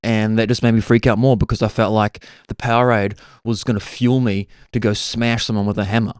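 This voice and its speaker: A man's voice: lowish voice, flat delivery, a little fast, clear, resonant tone, no room sound, clean studio sound. A young man, hosting a podcast and musing through a laid-back, self-mocking comic monologue. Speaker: podcast host.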